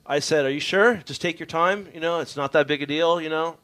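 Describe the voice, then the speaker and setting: A man's voice: fairly high pitch, a little fast. A man casually telling a long road-trip story on a radio show, swearing freely and acting out what others said. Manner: animated, swearing, voices others in his story. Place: radio studio.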